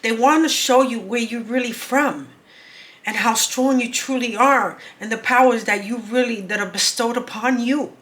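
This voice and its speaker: A woman's voice: a little high, normal speed, fairly bright tone, low-quality recording. A woman giving an intuitive card reading to her viewers. She talks earnestly, repeats words and urges her listeners on. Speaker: spiritual card reader.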